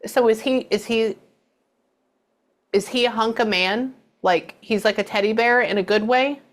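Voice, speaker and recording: A woman's voice: a little high, measured pace. Chatty woman medium relaying messages. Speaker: medium giving a reading. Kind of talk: psychic reading session.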